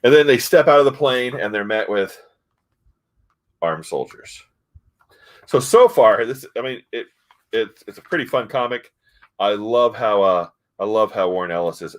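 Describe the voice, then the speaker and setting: Male comic reviewer, lowish voice, chatty and halting, lots of ums. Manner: rambling, halting, many fillers and restarts. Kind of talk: casual comic review chat.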